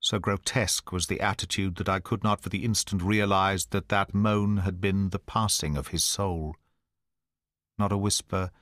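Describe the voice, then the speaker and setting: Man, audiobook narrator, low voice, measured dramatic reading, dry close sound. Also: fairly bright tone, no room sound.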